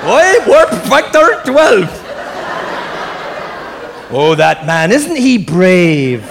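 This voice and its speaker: A man's voice: high voice, sing-song, extremely slow, creaky, full character voice. Scotty, as a man mimics him, slurred and garbled. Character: mumbling engineer from a space series, garbled. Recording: echoey live hall with crowd noise.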